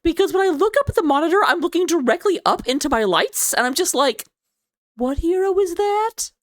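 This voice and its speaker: A woman casting an esports match in a chatty, giggly, rambling way, lounging low in her chair. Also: lively intonation, fast, no room sound, clean studio sound. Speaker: esports caster. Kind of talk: casual esports commentary.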